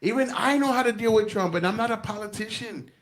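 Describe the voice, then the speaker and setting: A man's voice: high-pitched, quick pace. A man co-hosting a podcast, chatting casually and profanely about politics and acting out quotes with animation. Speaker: podcast co-host.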